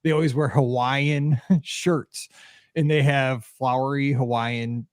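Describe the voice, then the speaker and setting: A man's voice: mid-range voice, slow pace, no room sound. Joking guy co-hosting a podcast, dry close mic. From Missouri, US. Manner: jokey, animated storytelling. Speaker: podcast co-host; high school football coach. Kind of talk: casual chat.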